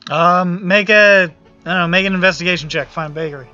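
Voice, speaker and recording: A man narrating a tabletop session as the game master, loose and jokey with plenty of fillers. His voice is high and very bright, and the recording is dull and lo-fi with faint music in the background. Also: a little fast, clear, resonant tone. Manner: loose, joking, with many uh fillers.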